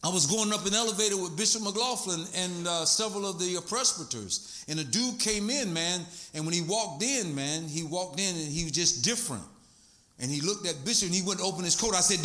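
High, bright-voiced man preaching emphatically. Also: lively intonation, normal speed. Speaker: pastor. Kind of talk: sermon with personal stories. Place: church sanctuary.

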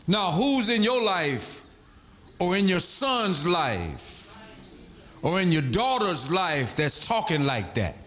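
A male pastor preaching a sermon, animated, shouting at times and sliding into a sing-song high voice.

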